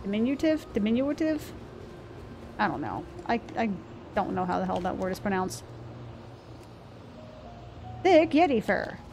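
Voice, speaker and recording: This woman's gameplay stream is casual and chatty; she swears at the monsters and speaks to them as game music plays. Her medium-pitched, darkish voice is very animated yet unhurried, with vocal fry and frequent pauses, over slight background noise.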